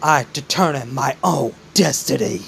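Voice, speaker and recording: A man's voice: mid-range voice, unhurried, vocal fry, fairly bright tone, a little hiss or hum. A man voicing a defiant young hero who speaks earnestly, for a fan-made story.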